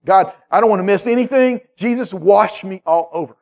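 A man voicing Peter as an impulsive, excitable fisherman during a sermon. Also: high voice, a little fast, gravelly. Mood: flustered.

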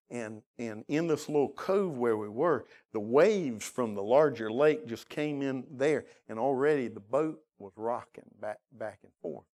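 Speaking at medium pitch with a darkish tone, a pastor tells his church an emotional story from his own life. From there he presses them with urgent questions and closes in prayer, all in the church sanctuary.

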